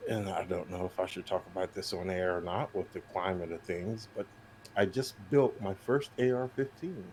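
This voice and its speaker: A man in his forties joining a casual podcast chat, speaking hesitantly and a little haltingly. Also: sits low, darkish tone, slight background noise. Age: 40s. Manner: hesitant, slow-spoken. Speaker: guest.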